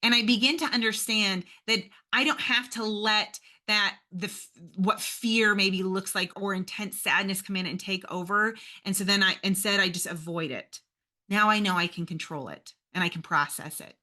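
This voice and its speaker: Bright-voiced woman giving an encouraging talk. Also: mid-range voice, moderate pace. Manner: earnest, encouraging, addresses listeners as you guys. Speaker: podcast host. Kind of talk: motivational faith-based talk.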